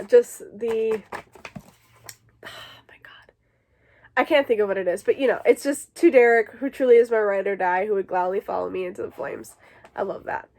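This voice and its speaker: A woman hosting a casual book vlog, talking in an emotional, gushing way with plenty of "like" fillers. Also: medium pitch. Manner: gushing, emotional, filler-heavy with frequent likes. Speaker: book vlogger. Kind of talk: casual chat.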